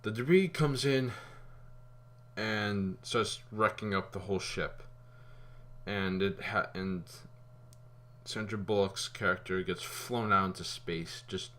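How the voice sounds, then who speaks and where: Brief: male vlogger reviewing a film, low voice, loose and chatty, swears casually. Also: slow pace. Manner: rambling and animated, with fillers and casual swearing. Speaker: movie reviewer.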